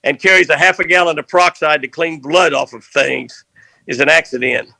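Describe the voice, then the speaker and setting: An older man with a drawl tells a fishing tale with a bright, gravelly edge to his slightly high voice. He rambles along with folksy energy, and the sound is dry and close. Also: fairly quick, no echo. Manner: rambling, animated anecdote telling. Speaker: fishing guest. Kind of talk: folksy storytelling.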